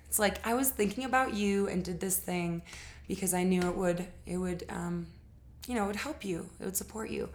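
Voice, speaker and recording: A woman explains relationship habits in a casual spoken lesson. Her delivery is earnest and conversational. She often pauses on fillers and corrects herself mid-sentence. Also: mid-range voice.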